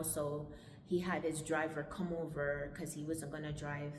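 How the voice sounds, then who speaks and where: Low-voiced Jamaican woman telling her story. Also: level tone, noisy background. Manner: halting, conversational retelling. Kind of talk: personal life story. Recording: echoey room with long reverb.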